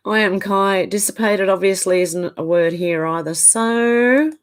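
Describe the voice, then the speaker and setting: A middle-aged woman hosts a livestream in a casual chat, reading out viewer comments and reacting to each one with quick opinions. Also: mid-range voice, clean tone. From Australia. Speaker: livestream host.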